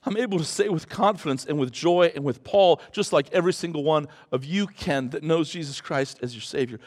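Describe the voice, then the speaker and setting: A man preaching a sermon as pastor, earnest, swinging from hushed lines to loud rises. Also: on the high side, brisk, hardly any pauses, in a large hall.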